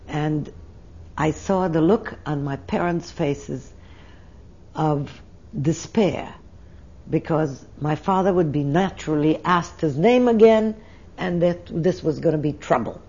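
An older woman recounts her memories in a reflective, emotional oral history interview. Her voice sits low and mellow, and the recording sounds dull and lo-fi. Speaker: interviewee telling her life story.

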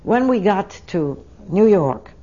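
A woman's voice: medium pitch, expressive, takes it slowly, mellow, lo-fi sound. An older woman tells her life story in an oral history interview, speaking in a reflective and emotional way.

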